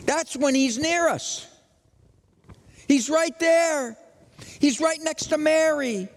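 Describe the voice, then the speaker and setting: A man preaching an Easter sermon as pastor, dramatic, moving from loud questions to hushed lines. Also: very high voice, slow pace, long reverb tail.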